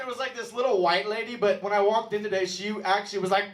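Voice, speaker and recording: A man's voice: high-pitched, steady tone, quick pace. A young man from Texas doing a stand-up comedy set in a club, chatty and self-deprecating, full of "like" and "um". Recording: roomy club sound from a distance.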